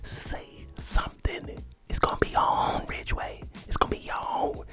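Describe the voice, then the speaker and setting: A man's voice: measured pace, bright, forceful tone, soft background music. A man whispering as a menacing gunman, whispered role-play. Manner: whispered, taunting. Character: armed man threatening a captive, menacing.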